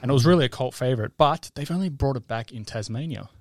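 A man reading out news items in a relaxed podcast chat. His voice sits in a middle register and sounds close and dry, with no room around it. He jokes in a deadpan way and swears casually. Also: mid-range voice, fast, no room sound. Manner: laid-back, swears freely, dry jokes.

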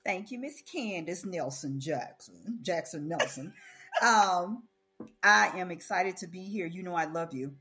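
A woman in her forties, a podcast guest, speaking in a relaxed, reflective way with some hesitant fillers. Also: on the low side, measured pace, soft background music. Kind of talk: casual conversation.

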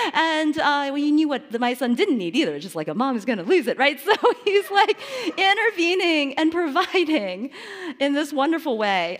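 A woman's voice: high voice, moderate pace. A woman in her thirties giving a personal faith talk, telling stories with lots of laughter and fillers. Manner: animated storytelling, laughs often, many fillers. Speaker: Christian speaker.

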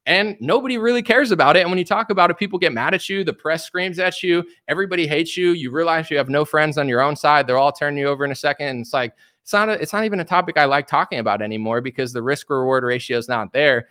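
A young man delivering a heated political rant as a commentator, animated and repeating himself, sometimes mocking others in put-on voices. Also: on the high side, fast.

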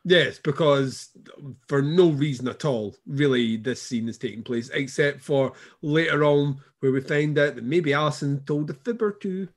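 A man's voice: fairly high pitch, normal speed. A man with a slightly raised voice trading takes on a TV episode with his co-host. He is wry and sarcastic, laughs often, and talks in a loose, casual way. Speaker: podcast co-host. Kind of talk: casual chat recapping a TV episode.

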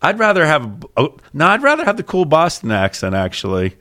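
A man with a Pittsburgh accent, co-hosting a podcast in casual chat, rambling and animated as he tells stories. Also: a little high, fairly quick. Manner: rambling, animated storytelling with restarts. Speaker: podcast co-host.

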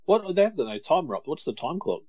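A man's voice: fairly high pitch, sing-song, fairly quick, darkish tone, no echo, muffled recording. A man co-hosting a wrestling watch-along, chatting in an easygoing way and reacting with laughs. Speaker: podcast co-host. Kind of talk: casual watch-along chat.

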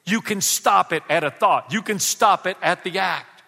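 A male pastor delivers his sermon in a high, ringing voice with a forceful edge. He presses each point and throws questions out to his listeners. His words carry a long reverb, as in a large church sanctuary. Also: normal speed, creaky. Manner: emphatic, calls out questions to the congregation.

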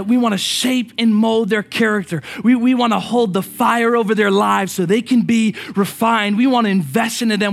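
A man's voice: sits high, creaky. A man in his thirties preaching a sermon to dads with passion, sometimes acting out anxious or scolding fathers. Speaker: pastor.

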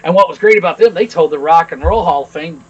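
A man's voice: on the high side, quick pace, breathy edge, dull audio. A man co-hosting a podcast in casual chat, blunt and opinionated, swearing freely. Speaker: podcast co-host.

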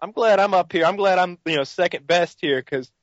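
A man co-hosting a casual podcast chat, telling animated stories and acting out his friends yelling. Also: high voice, a little fast, dry recording, dull audio. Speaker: podcast co-host.

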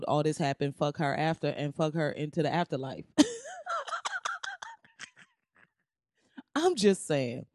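A podcast host rants in casual commentary, blunt and heavy on profanity, with a sarcastic edge. The voice sits at a mid pitch. The recording is dry and close, with no room sound. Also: a little mellow, dry recording. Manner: sarcastic, laughs at own jokes.

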